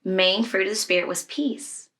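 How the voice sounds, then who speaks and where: A woman's voice: mid-range voice, normal speed, a bit bright. A woman who leads children's ministry, telling a personal story in a conversation, candid and emotional, with many fillers.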